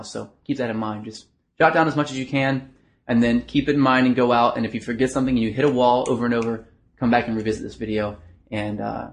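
A man delivers a coaching lesson straight to the camera, mid-pitched and earnest. He moves between a friendly throat voice and a quieter, deeper chest voice, with plenty of "uh" fillers along the way. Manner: shifts between a bright throat voice and a low, soft chest voice; earnest, explanatory, with filler words. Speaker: dating coach. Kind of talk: instructional video monologue.

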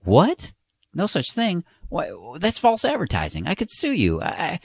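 A man's voice: high voice, wildly swooping pitch, normal speed, creaky, husky, no echo, voice pushed up, full character voice. A man doing a sputtering, furious customer. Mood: indignant. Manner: indignant, sputtering. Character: frustrated middle-aged man, furious customer.

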